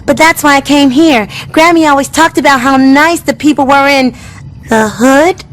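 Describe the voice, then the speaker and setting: A woman's voice: high voice, normal speed, lightly acted. A woman voicing a sweet, polite homeless young girl in a cartoon, with polished, well-spoken diction. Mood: fond. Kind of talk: stop-motion cartoon voice acting.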